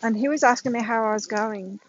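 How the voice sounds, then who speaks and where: A woman's voice: fairly high pitch, brisk, a little hiss or hum. Frank woman in her forties, muffled audio. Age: 40s. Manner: candid, frank, addresses viewers directly with "right?". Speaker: astrology reader. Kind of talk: casual storytelling to camera.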